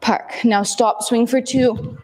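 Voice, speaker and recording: A woman fitness instructor calmly cueing a kettlebell workout with short step-by-step commands, breathing hard between sets. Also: on the high side, slow pace.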